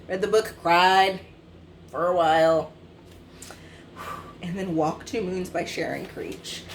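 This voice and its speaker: A woman in her twenties talks through her recent reads in a loose, rambling way. She pads her sentences with fillers and often corrects herself mid-thought. Her voice sits a little lower than most women's. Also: slight background noise. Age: 20s. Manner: chatty and rambling, with many fillers and self-corrections. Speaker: book vlogger. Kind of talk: casual book review chat.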